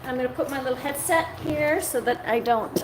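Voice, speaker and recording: A woman's voice: sits high, brisk. A woman hosting a live stream as a dog groomer, chatting casually with viewers and cooing at the dog she works on, recorded on the device's own mic indoors. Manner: chatty, coos at the dog between talking to viewers. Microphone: device mic, her own mic not set up. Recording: echoey room with background noise.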